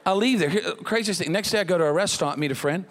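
A high-voiced man preaches in a church, his sound carrying a long hall reverb. He tells stories with lots of energy and acts out the people in them with quick exclamations. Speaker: pastor. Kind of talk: sermon with humorous story.

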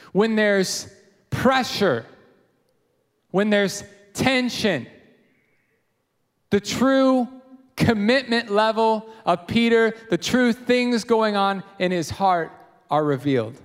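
A high-voiced man preaches an expository sermon in a casual, animated way, stumbling into restarts and fillers. His voice rings out in a church hall with a long reverb tail. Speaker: pastor.

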